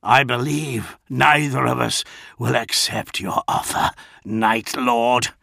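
A man's voice: medium pitch, slow, gravelly, sharp tone, dry recording, studio quality, heavily acted. A man voicing a stern, steadfast male armoured commander who speaks in firm, resolute declarations. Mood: defiant.

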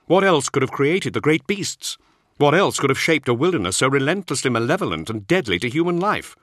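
A man voicing a stern, earnest warrior-monk who argues his case in a measured, insistent way. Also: medium pitch, big pitch swings, a bit bright, no room sound, clean studio sound, voice pushed up.

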